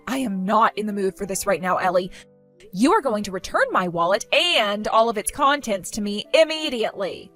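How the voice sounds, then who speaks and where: A woman's voice: mid-range voice, animated, moderate pace, a bit bright, soft background music, natural voice. A woman doing a dry, fed-up young wife. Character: weary, exasperated young married woman. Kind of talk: voiced text-story skit.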